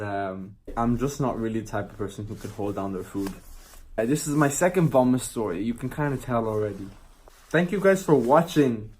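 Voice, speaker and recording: Young male vlogger, animated storyteller with a middling voice, keeps checking in with "yeah?" and "right?". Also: mid-range voice. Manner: animated, laughing, tag questions like "yeah?" and "right?". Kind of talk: casual storytelling.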